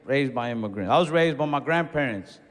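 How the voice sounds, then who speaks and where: Performing a stand-up routine at a comedy club, this young man talks fast in a mid-range voice with lively intonation. His stories are casual and conversational, with Spanish asides, and the audience laughs along. A live stage mic picks him up with a long hall reverb.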